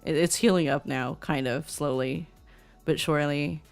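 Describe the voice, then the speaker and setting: Bubbly young woman streamer, lowish voice. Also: steady tone, normal speed, vocal fry, faint music behind. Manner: bubbly, gushing, reads chat aloud. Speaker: VTuber streamer. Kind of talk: casual stream chat.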